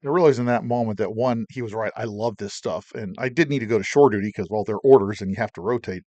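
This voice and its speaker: A middle-aged man and Navy veteran telling a story from his service, animated, acting out the people he quotes. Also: on the low side, quick pace, no echo, lo-fi sound. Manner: animated, acts out quotes, profane. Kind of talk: spoken recollection, documentary.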